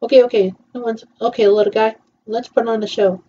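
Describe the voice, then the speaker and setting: A woman's voice: fairly high pitch, fairly even intonation, brisk, dark tone, breathy edge, highs cut off. A woman casually commenting while she watches a film, often murmuring agreement between her remarks. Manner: chatty, with frequent murmured agreements. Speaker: viewer reacting to a film.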